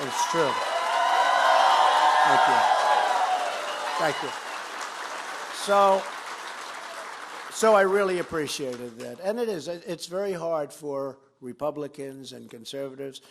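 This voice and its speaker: A man in his seventies giving a campaign speech at a fundraiser, repeating phrases emphatically and swinging between loud and quiet. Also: on the high side, expressive, slow pace, pauses often, crowd noise, background noise. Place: fundraiser event.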